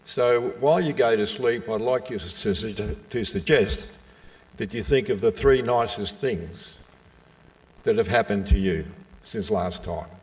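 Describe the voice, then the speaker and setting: An older man with a fairly low voice spins yarns and jokes for a live crowd. He talks in a slow, folksy way and throws in asides to his listeners. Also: darkish tone, recorded from a distance, low-quality recording. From Western Australia. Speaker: speaker giving a talk. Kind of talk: storytelling and jokes to a live audience.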